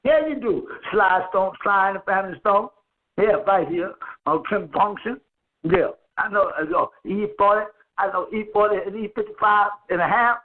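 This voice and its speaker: A man's voice: sits high, normal speed. A man hosting a casual call-in chat over the phone, telling loose, profane stories and laughing often. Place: a friend's house. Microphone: phone line. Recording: tinny phone line with faint noise.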